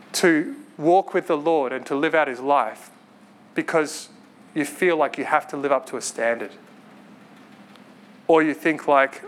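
A man preaching a sermon in an earnest, conversational way, with quick asides and light laughs. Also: on the high side, fairly bright tone.

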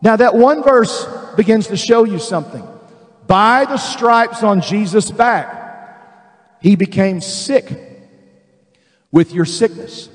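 A man preaching a fervent sermon, calling out to the congregation, repeating words and stretching key phrases slowly. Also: sits high. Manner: repeats words and restarts, drawn-out slow emphasis. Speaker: pastor. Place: large church sanctuary. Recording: long reverb of a large hall.

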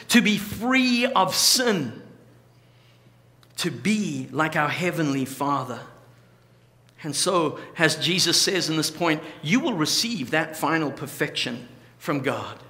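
A man preaching a sermon to his church congregation, with an emphatic delivery that slows down on key phrases. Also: high voice, bright, forceful tone, big-room sound. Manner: emphatic, varied delivery with slow stressed phrases. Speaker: pastor. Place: church hall.

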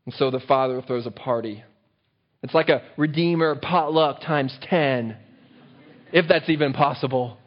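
A pastor preaches a sermon in an engaging way, often putting rhetorical questions to his listeners. His voice is medium in pitch and his pace is measured. The lo-fi recording sounds dull.

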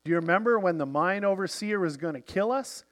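Man voicing simple-hearted devout Viking, lilt, slightly high voice, earnest, soft trailing endings. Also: expressive, a little fast.

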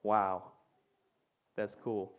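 A man teaching a Bible lesson in a casual, animated way, often checking in with his listeners. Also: fairly low pitch, drawn-out words. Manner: animated, acts out quoted voices, frequent "right?" and "okay?".

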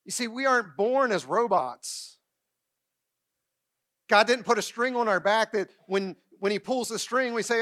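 Middle-aged male pastor, somewhat high voice, animated storytelling sermon delivered from the stage. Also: measured pace. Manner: storytelling, animated, acts out quotes and asks the congregation questions. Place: church stage.

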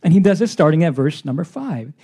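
A man with a notably high voice delivers a verse-by-verse sermon. He speaks emphatically, stacking repeated phrases to press each point on his listeners. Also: very animated, a little fast, warm tone, breathy edge. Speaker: pastor.

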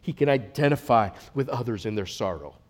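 Male pastor, mid-pitched, earnest sermon delivery with swells and hushes. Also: expressive, a little fast. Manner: earnest, swells loud then drops to a hush.

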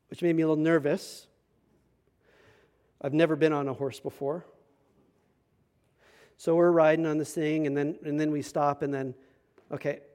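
A young adult male pastor with a fairly high voice preaches a sermon around a personal story, swinging between hushed asides and loud, emphatic passages.

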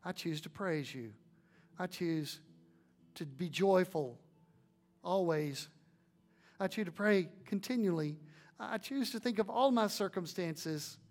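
A man's voice: on the high side, darkish tone. A man preaching a sermon with emphatic delivery and many rhetorical questions, then leading a prayer.

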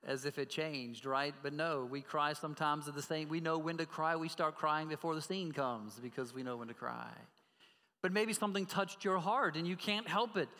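Earnest male preacher with a slightly raised pitch, in a church with long reverb. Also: normal speed, sharp tone. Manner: earnest, addresses the congregation directly with questions. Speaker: pastor. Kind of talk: sermon.

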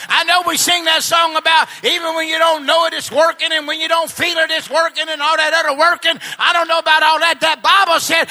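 A man preaching a sermon, moving between shouted, fervent exhortation and laid-back, joking storytelling. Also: extremely high pitch.

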